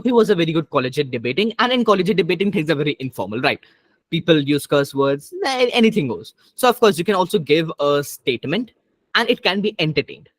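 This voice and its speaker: A man's voice: on the high side, a bit bright, dry recording. Man coaching debate. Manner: direct, explanatory, answers questions patiently. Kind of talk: online coaching session. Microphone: video call.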